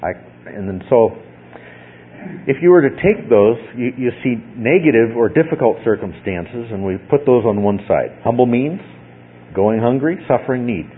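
A man's voice: medium pitch, animated, normal speed. A man preaching a verse-by-verse teaching sermon, explaining word meanings and often checking in with his listeners. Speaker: pastor teaching a Bible class. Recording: phone-like lo-fi radio broadcast with faint noise.

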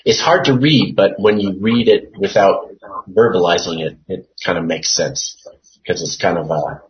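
A man leading an informal Bible study, reading verses and explaining them in an unhurried way, thinking aloud with many fillers and restarts. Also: sits low, lo-fi sound.

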